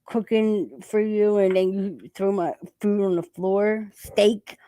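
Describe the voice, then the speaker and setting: A woman's voice: medium pitch, steady tone, a little slow, mellow, no room sound. A woman hosting a casual chat, talking while eating and laughing often. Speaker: channel host.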